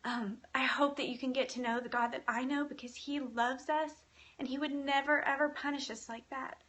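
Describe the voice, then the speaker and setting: A woman hosting a live video, speaking in an earnest, gentle and encouraging way as she reads viewer comments. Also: high-pitched, steady tone, normal speed. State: tearful at times. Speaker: faith-based live video host. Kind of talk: live-stream talk, reading comments.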